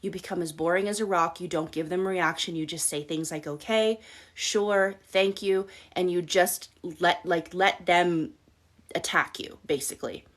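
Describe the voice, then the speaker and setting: A woman's voice: lowish voice, steady tone, normal speed, a bit bright. A woman life coach hosting a live-stream advice talk, speaking bluntly with casual swearing and often checking in with "okay?". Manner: blunt, profane, direct coaching tone; addresses listeners with frequent "okay?" check-ins.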